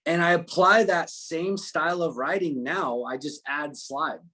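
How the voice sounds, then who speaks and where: A man's voice: on the high side, a little slow, sharp tone. Laid-back rambling musician, man. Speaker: musician guest. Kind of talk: casual interview chat.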